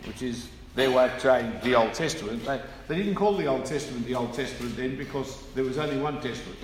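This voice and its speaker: A man's voice: medium pitch, brisk, few pauses, slight background noise. A man preaching a sermon, explaining scripture with emphatic stresses and asides. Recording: echoey hall with room ambience.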